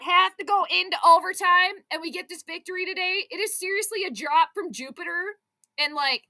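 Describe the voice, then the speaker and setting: A young adult woman hosting a live sports stream, reacting to the game in an excitable, exclamatory, chatty way. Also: very high-pitched, a little fast. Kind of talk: live play-by-play reaction commentary.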